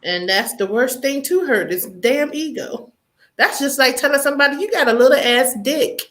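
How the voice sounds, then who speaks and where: A woman's voice: high voice, lively intonation, moderate pace, fairly bright tone. A woman hosting an interview, chatting casually in a laid-back way, agreeing and laughing along. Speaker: interview host. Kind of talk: casual chat.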